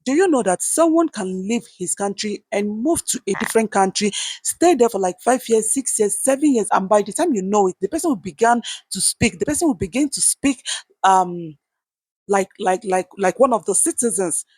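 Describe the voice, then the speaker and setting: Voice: mid-range voice, lively intonation, normal speed, darkish tone, breathy edge, no echo. A commentator from Nigeria, earnestly giving opinions on news in a vlog, often repeating points and asking viewers rhetorical questions. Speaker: online commentator.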